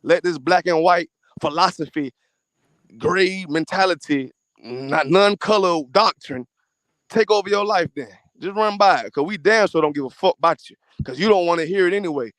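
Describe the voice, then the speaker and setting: A man's voice: high-pitched, normal speed, fairly bright tone, no echo. A man hosting a podcast, talking in a casual, profane, emphatic way about faith. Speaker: podcast host. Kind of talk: casual chat.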